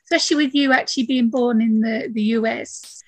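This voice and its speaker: A woman's voice: fairly high pitch, a little fast, dry recording. A woman hosting a casual interview podcast, eager and chatty, with many "uh" fillers. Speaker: podcast host.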